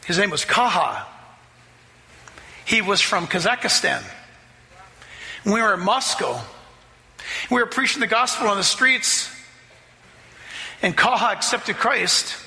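High-voiced, gravelly preacher in a big church. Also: male voice, unhurried, pauses often, big-room sound. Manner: storytelling preacher, rising to loud excited climaxes. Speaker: pastor. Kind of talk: sermon. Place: church sanctuary.

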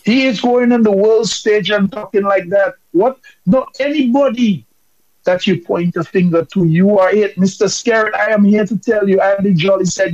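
A man's voice: sits high, normal speed, a little mellow, no echo, dull audio. A man from Dominica calling in with impassioned, emphatic political commentary.

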